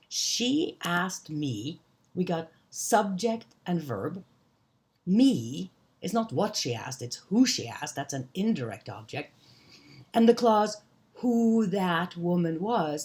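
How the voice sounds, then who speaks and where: A woman teaching an English grammar lesson, explaining examples slowly and deliberately. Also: fairly low pitch, a little mellow. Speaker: ESL teacher.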